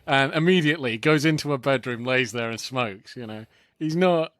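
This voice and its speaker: A man co-hosting a podcast, chatting casually about a film, halting often with restarts and short laughs. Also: medium pitch, fairly bright tone, no room sound, studio quality. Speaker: podcast co-host.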